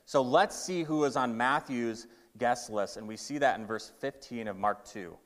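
Male pastor, mid-pitched, emphatic sermon delivery, big reverberant hall. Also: normal speed, a bit bright. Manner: emphatic storytelling, varying pace.

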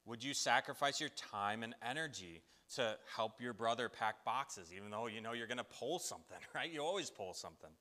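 A man preaching a sermon, telling a Bible story with lively acted-out voices. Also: mid-range voice, a little fast, hardly any pauses, big-room sound. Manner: animated storytelling, acts out biblical voices.

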